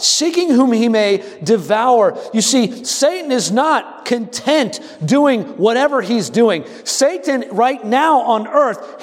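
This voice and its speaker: A man with a high voice preaches an animated sermon, calling on his congregation to join in. His words carry a long reverb from the hall around him. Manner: animated, calls on the congregation to respond. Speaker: pastor.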